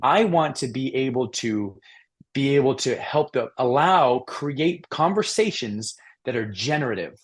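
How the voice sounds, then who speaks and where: A middle-aged man speaking in an interview, with a voice of ordinary pitch. He talks earnestly about his coaching work and acts out quoted voices as he tells stories. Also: lively intonation, a little slow. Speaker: mental performance coach, guest. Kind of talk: conversational storytelling interview.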